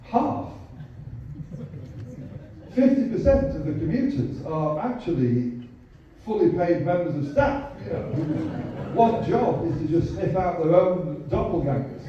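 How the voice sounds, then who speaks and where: A man's voice: sits high, big pitch swings, unhurried, dark tone, slight background noise. A man in his thirties with a Yorkshire accent, doing a chatty stand-up set and bantering with the crowd. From Yorkshire, England. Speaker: stand-up comedian. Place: comedy club. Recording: echoey, distant, dull club recording.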